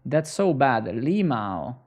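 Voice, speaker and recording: A man's voice: medium pitch, sing-song, slow pace, a little mellow. A young man live-coding on stream, bantering sarcastically and swearing at his chat as he works.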